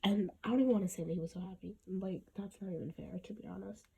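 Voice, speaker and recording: A woman's voice: mid-range voice, fairly even intonation, fast, gravelly, mellow, slightly rough. A woman hosting her own podcast, talking in an earnest, reflective way and often restarting her sentences. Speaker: podcast host. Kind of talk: casual podcast monologue.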